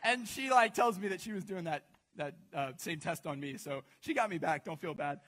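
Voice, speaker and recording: A man's voice: high-pitched, animated, moderate pace, fairly bright tone. A young man preaching to a congregation in a casual, joking storytelling way, full of asides and questions to the crowd. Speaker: pastor speaking to a congregation. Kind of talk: storytelling sermon.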